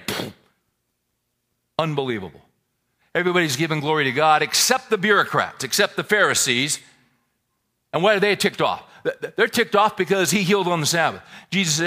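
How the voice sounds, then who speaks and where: A male pastor delivering a sermon in a bright, lifted voice. His pitch leaps about as he fires rhetorical questions and folksy asides at the room. His delivery is animated and conversational. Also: normal speed.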